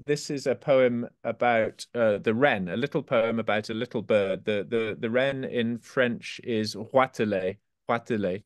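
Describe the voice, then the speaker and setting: A man, an author being interviewed, who speaks haltingly with many restarts and reads his poems slowly. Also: mid-range voice, no echo, clean studio sound. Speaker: author guest. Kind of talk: interview and poetry reading.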